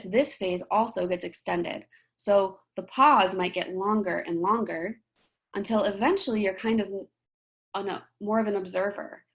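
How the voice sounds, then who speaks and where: A woman giving a motivational talk in a gentle, conversational way, often checking in with "right?". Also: medium pitch. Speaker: presenter.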